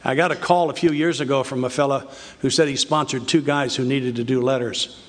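An older man giving an earnest, confessional recovery talk, telling his story with halting restarts. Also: medium pitch, fairly even intonation. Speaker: recovery speaker. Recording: reverberant hall.

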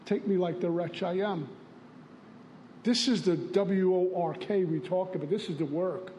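A man's voice: sits high, unhurried, darkish tone, a little hiss or hum. A man sharing in a recovery meeting, telling plainspoken stories and acting out dialogue. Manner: storytelling, plainspoken, acts out dialogue. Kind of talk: recovery share.

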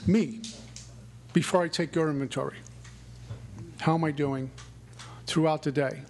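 A man's voice: on the high side, steady tone, measured pace, a little mellow, a little hiss or hum. A middle-aged man, sharing his recovery story in an earnest, repetitive way. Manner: earnest, repetitive, mantra-like phrasing. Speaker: recovery meeting speaker. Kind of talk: personal recovery talk.

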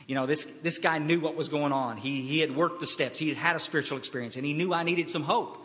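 A man giving a personal recovery talk, telling his story in a halting way with quiet pauses. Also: fairly high pitch, steady tone. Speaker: recovery speaker. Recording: hall reverb.

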